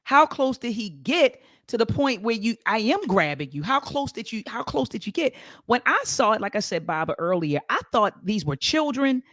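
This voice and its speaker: A woman hosting a talk show, telling stories in an animated way and repeating words for emphasis. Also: fairly high pitch, normal speed, few pauses, dry recording, clean studio sound. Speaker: host. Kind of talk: casual talk-show discussion.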